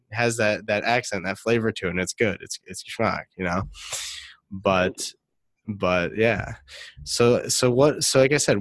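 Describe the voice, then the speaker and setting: A man with a lowish voice hosts a relaxed interview. He talks in a chatty way and restarts his phrases often. The sound is close and dry. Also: no room sound. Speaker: interview host. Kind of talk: casual interview.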